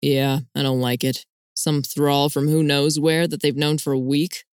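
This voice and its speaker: A woman's voice: low voice, little pitch movement, measured pace, a little mellow, clear, resonant tone, no room sound, clean studio sound. A woman voicing a young man who sounds wary, concerned and dismayed.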